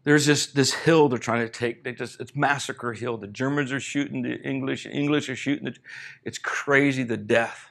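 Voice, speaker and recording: A middle-aged man preaching a sermon, retelling a story and acting out the characters' lines, building to loud, emphatic peaks. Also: mid-range voice, steady tone, normal speed, gravelly. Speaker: pastor.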